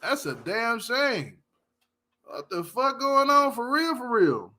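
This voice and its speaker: A man's voice: very high-pitched, sing-song, slow, bright, forceful tone. A man hosting a casual commentary show, ranting bluntly and with a lot of swearing while speaking straight to his viewers. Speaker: commentary channel host.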